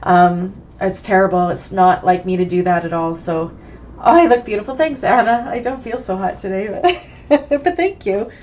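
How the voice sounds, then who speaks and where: A sewing teacher with a head cold leads a live online class, her voice raspy, hoarse and sniffly. She chats casually at a middling pitch and keeps greeting viewers by name. Faint noise sits underneath. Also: moderate pace, a little mellow, dull audio. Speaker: bag-making sewing instructor.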